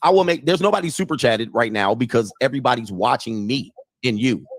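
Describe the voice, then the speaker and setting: A man's voice: mid-range voice, brisk, no echo, studio quality. A man on a live call, talking directly and asking the guest pointed questions. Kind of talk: casual interview talk.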